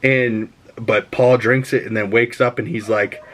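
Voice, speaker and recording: Excitable, swearing male movie reviewer. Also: mid-range voice, unhurried. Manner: excitable, profane and chatty. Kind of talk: casual spoiler review.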